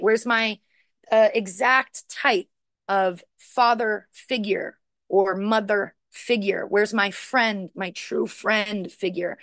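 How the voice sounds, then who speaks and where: A woman's voice: mid-range voice, fairly bright tone, no echo, studio quality. A woman sharing her recovery story, searching and repetitive, with many restarts and rising emotion. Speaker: recovery speaker. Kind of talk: personal share talk.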